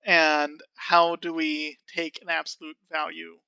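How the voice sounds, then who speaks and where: A man's voice: a little high, monotone, measured pace, creaky, pushed and bright, smooth, no echo, highs cut off. A man giving a casual programming tutorial, chatty and self-amused, with frequent fillers. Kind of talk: screen-recorded coding tutorial.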